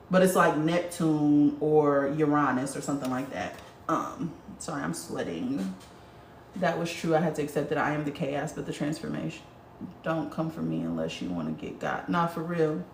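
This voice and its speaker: The host of a casual spiritual livestream, a woman with a low, gravelly voice, reads comments aloud and talks bluntly with lots of swearing and animation. The audio is roomy and distant, carrying a little hiss or hum.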